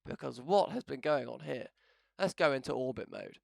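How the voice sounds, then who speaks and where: A man hosting a gaming channel, commentating his video game in a chatty, self-mocking way that swings into loud excitement. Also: mid-range voice, normal speed, gravelly, no room sound, studio quality. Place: home setup, no camera.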